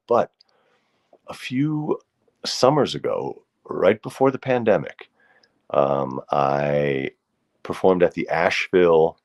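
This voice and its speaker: A man with a very low voice hosts a relaxed livestream, talking casually and rambling a little. He greets his viewers one by one by name. He sounds middle-aged and at ease. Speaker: host.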